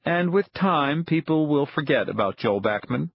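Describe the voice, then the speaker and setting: A man voicing a frail elderly spy chief who speaks softly and with measured calm, in a husky tone. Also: a little high, highs cut off, exaggerated voice. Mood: calm, cold. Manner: soft-spoken, measured.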